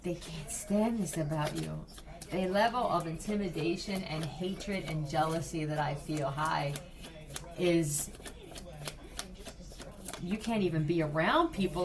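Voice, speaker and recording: Slow-talking woman giving a profane psychic reading. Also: low-pitched. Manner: blunt and profane, addressing the viewer directly. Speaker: psychic reader. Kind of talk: casual spoken psychic reading.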